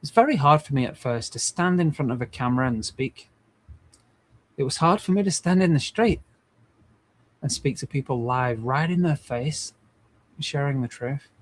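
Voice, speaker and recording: A man's voice: medium pitch, lively intonation, moderate pace, pauses often. A man in his forties, hosting a livestream in an earnest, rambling way with many restarts. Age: 40s. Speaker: livestream host. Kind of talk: casual livestream talk.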